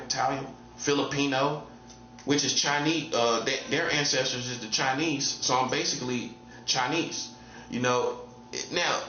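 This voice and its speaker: A man's voice: on the high side, pushed and bright, echoey room, highs cut off. A man giving a casual preaching monologue as a self-styled prophet, repeating himself and hammering points home with rhetorical questions.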